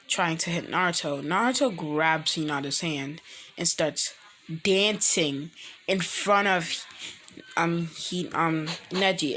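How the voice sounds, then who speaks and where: A woman tells a rambling fan story in a low, unhurried voice, stopping often to correct herself. Music plays clearly in the background as she talks. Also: fairly bright tone, low-quality recording. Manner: halting, frequent self-corrections. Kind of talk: rambling fan-fiction storytelling while gaming. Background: music playing.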